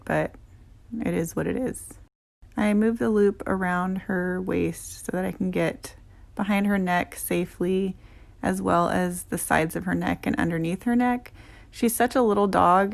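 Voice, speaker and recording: A young adult woman, a dog groomer, giving gentle, chatty voice-over narration that explains her work. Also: on the low side, gravelly.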